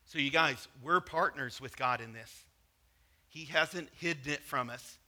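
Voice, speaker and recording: Bright-voiced male pastor preaching casually. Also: on the high side, measured pace. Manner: conversational preaching with personal stories. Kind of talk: sermon.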